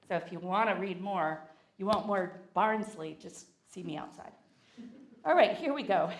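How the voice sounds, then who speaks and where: A woman's voice: medium pitch, expressive, normal speed. A woman with a Southern US accent giving a playful sermon in a church, getting the congregation to repeat phrases with her. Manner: playful, leads the congregation in call-and-response. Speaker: guest speaker. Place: church sanctuary. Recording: echoey sanctuary.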